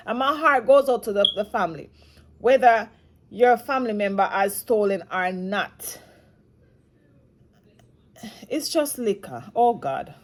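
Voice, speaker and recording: A woman from Jamaica talking through a news story in a casual, rambling commentary, restarting often and growing saddened as she goes. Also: mid-range voice. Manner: emotional, saddened. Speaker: commentary vlogger.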